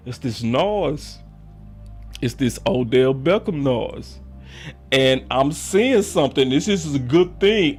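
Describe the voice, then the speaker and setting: A man hosting a sports talk livestream, swinging from loud theatrical hype to quiet muttered asides while reading chats. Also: mid-range voice, animated, slow pace, husky, faint music behind. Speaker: sports show host.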